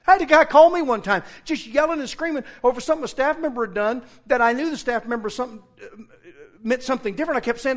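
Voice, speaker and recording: High-voiced pastor preaching with rising intensity. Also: male voice, fast talker. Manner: animated, rising to near-shouting in retold confrontations. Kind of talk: sermon.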